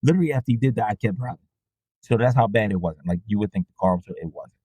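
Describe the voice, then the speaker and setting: A man telling stories casually as a podcast host, profane and animated, his voice shooting up high when he acts out his reactions. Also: fast, breathy edge, dry recording. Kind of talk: casual storytelling monologue.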